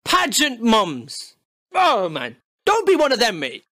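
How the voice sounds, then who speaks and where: High-voiced, ranting young man. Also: wildly swooping pitch, takes it slowly, no room sound, studio quality. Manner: exasperated, mocking, loud outbursts. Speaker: comedy YouTuber. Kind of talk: comedic rant to camera.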